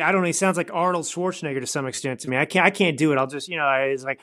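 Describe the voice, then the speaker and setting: A man's voice: fairly high pitch, rapid-fire, hardly any pauses, bright, forceful tone. A man hosting a podcast, delivering angry, sarcastic political commentary in a ranting manner. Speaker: podcast host.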